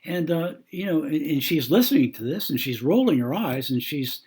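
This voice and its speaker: A man's voice: a little high, expressive, normal speed, darkish tone, breathy edge. A man giving an earnest teaching talk on marriage, acting out a couple's quarrel and often repeating words as he goes. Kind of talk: teaching talk with acted-out scenario.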